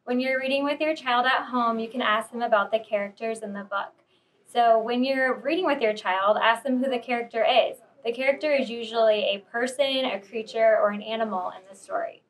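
A woman teacher explaining to parents how to talk about characters, in a measured, instructive way. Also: a little high. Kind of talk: explaining reading tips to parents. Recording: distant mic.

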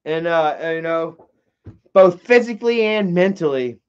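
A young man hosts a loose, profane commentary in a rambling, excitable way. His voice sits high for a man. The recording is dull and lo-fi. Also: measured pace, smooth. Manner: rambling, heavy swearing, excitable. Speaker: commentary host.

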